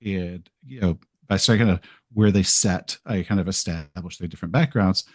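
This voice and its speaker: Speaking at a normal pace in a low voice, a game video creator guests on a podcast and tells rambling, self-deprecating stories while acting out what he said. The studio-quality audio has no room sound.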